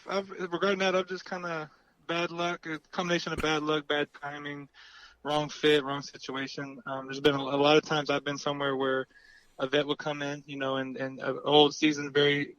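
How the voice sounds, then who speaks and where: A man's voice: on the high side, flat delivery, a little fast, fairly bright tone, dry recording, highs cut off. A man with a Southern US accent, chatting easily as an interview guest and laughing often. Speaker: guest, football quarterback. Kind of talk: casual interview chat.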